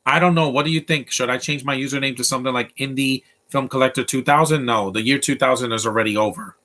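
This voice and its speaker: A man's voice: medium pitch, steady tone, quick pace, pushed and bright. Blunt, rambling young man reviewing a film. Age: 20s. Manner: blunt, rambling, opinionated, many restarts. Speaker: movie commentator. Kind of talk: casual live movie commentary.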